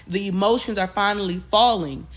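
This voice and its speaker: A woman hosting a podcast, retelling a movie plot in a loose, animated way, with cursing and frequent self-corrections. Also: medium pitch, brisk. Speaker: podcast host.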